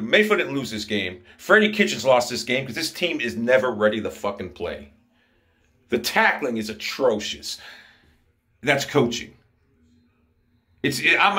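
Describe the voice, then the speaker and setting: A man's voice: medium pitch, sharp tone. A man from Ohio ranting angrily and profanely about his football team. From Ohio, USA. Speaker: sports commentator. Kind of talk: angry fan rant.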